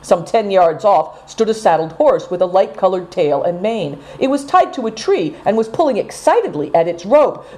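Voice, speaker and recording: A woman narrating a storybook in a dramatic, expressive reading. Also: mid-range voice, moderate pace, hardly any pauses. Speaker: audiobook narrator.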